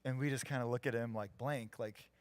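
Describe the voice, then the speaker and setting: A man's voice: medium pitch, steady tone, a little fast, no room sound. A man preaching a live church sermon, telling a story with energy and acting out the people he quotes. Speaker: pastor.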